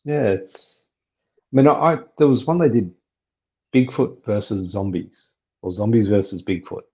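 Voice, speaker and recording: Deep husky man hosting a watchalong. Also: lively intonation, moderate pace, a little mellow, highs cut off. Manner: easygoing, leads the stream and talks to the chat. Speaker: channel host. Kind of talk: casual movie watchalong commentary.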